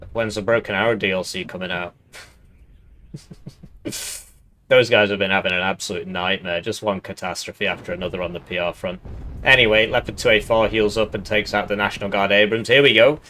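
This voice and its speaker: A man's voice: fairly low pitch, fairly bright tone, slight background noise. A man casually commenting on a strategy game match, thinking aloud and drifting into side tangents.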